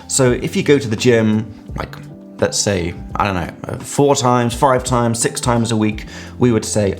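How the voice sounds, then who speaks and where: Upbeat English teacher from England. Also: male voice, medium pitch, soft background music. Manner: lively, drawn-out stress on key words. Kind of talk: explaining grammar to learners.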